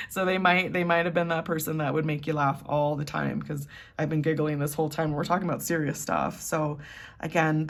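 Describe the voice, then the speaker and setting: A woman doing a casual tarot reading, chatty and giggly, with lots of "like". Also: sits low. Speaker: tarot reader.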